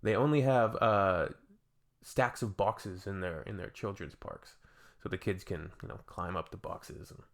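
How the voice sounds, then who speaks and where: A man's voice: sits low, measured pace, gravelly, fairly bright tone. A man hosting a reaction channel, chatting casually in a laid-back, sarcastic way. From Canada.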